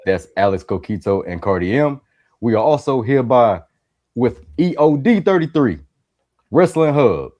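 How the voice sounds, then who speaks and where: A man's voice: medium pitch, sing-song, moderate pace, a little mellow, dull audio. A man with a Chicago accent introducing guests on a casual podcast, easygoing and playful, often repeating himself. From Chicago, USA. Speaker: co-host.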